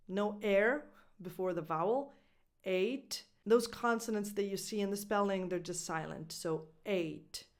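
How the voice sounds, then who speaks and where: Female English coach with Italian as her first language, unhurried and deliberate, models each word for drills. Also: mid-range voice. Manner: slow, careful, repeats each word for drilling. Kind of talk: pronunciation lesson.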